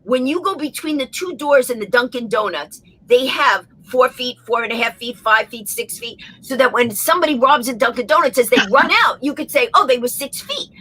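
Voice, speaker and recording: Bright husky lady telling a funny story, voice jumping all over the place. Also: high voice, a little fast, few pauses. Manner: animated, acts out the voices in her story. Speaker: guest. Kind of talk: comic storytelling.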